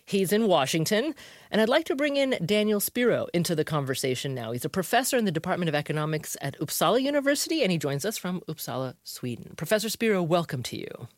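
Woman radio host, lively questions. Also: on the low side, quick pace, no echo, clean studio sound. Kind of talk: public radio interview hosting.

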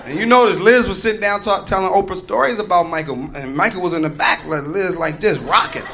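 Very high-voiced, profane stand-up comic. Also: male voice, fairly quick, vocal fry, fairly bright tone, faint music behind. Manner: profane, loose, riffing. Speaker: stand-up comedian. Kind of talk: stand-up comedy. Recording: live stand-up with crowd noise.

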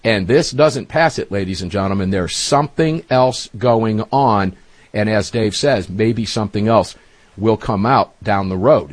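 An emphatic male talk radio host with a husky, slightly breathy voice. He talks to his listeners in a folksy, direct way. A faint music bed runs low under his studio mic. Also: no room sound.

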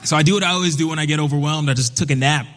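A young man from Brooklyn telling a personal story on stage in a relaxed, conversational way, slipping into higher, livelier voices for the people he quotes. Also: racing, a little hiss or hum. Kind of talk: live storytelling performance. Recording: long reverb of a hall.

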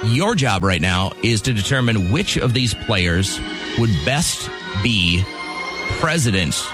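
Lower-voiced man hosting a radio show. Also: big pitch swings, slow, over music. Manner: upbeat, joking, chatty with callers. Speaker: radio morning show host. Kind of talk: casual radio banter, running a call-in game.

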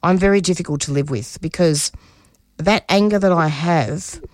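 A woman's voice: on the low side, moderate pace, a little mellow, no echo, studio quality. A middle-aged woman from Australia, a community radio producer being interviewed, talking passionately with many restarts. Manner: passionate, restarts often, voice rises when stirred. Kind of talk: personal interview talk.

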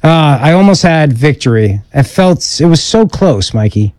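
A middle-aged man hosting a talk radio show, joking and teasing in casual banter. His voice sits a little high for a man and comes across dry and close on the studio mic, with no room sound. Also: very animated, moderate pace, a little mellow, no echo. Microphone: studio microphone.

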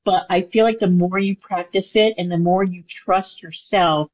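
A woman's voice: on the low side, steady tone, normal speed, a little mellow. A woman answering questions as a guest in an interview, speaking in an earnest, chatty way with many fillers. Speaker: guest medium. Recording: dull lo-fi sound.

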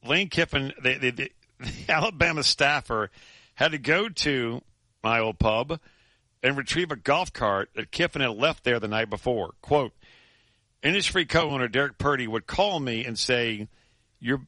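A man hosting sports radio, telling a story in animated chat full of restarts and laughs. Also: medium pitch, unhurried, dry recording.

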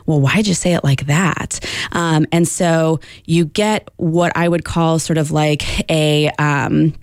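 A woman linguistics professor giving measured, explanatory answers in a radio interview, with frequent ums. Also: sits low, a little mellow, no room sound, clean studio sound.

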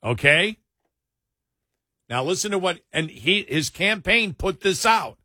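A man's voice: high-pitched, lively intonation, takes it slowly, pushed and bright, no echo, clean studio sound. A man hosting a casual talk show, rambling and correcting himself before building to emphatic points.

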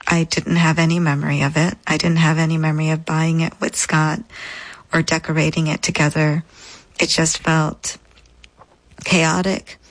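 A woman guest in an interview, recounting a personal experience in a measured, deliberate way with frequent pauses. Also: low-pitched, level tone, rough recording. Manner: measured, deliberate, pausing often. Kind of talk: reflective personal storytelling.

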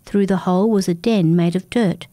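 Calm, mellow woman storyteller. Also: lowish voice, normal speed, dry recording. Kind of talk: first-person story narration.

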